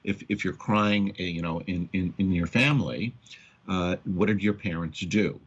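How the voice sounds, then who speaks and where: A man hosting a counseling radio talk, speaking haltingly with many repeated words and acting out quoted parents. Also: low-pitched, breathy edge. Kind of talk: radio talk on addiction and trauma. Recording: dull lo-fi radio audio.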